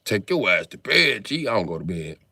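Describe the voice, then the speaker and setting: A man's voice: fairly low pitch, very animated, brisk, vocal fry, sharp tone, dry recording, studio quality. A man in his forties chatting casually on a livestream, answering viewers with profane, slangy, joking banter. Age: 40s.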